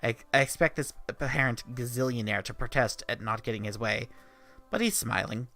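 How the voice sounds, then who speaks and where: A man with a bright, gravelly voice reads visual novel text aloud while streaming, tossing in playful asides. His voice is mid-pitched and direct, and soft music sits underneath. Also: lively intonation, normal speed.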